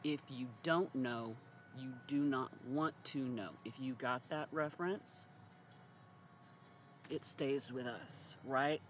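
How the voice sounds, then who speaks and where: A woman's voice: very deep voice, slow, a little hiss or hum. A woman giving a blunt, sarcastic, profane monologue to her audience. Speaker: social commentator. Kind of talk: direct-to-camera monologue.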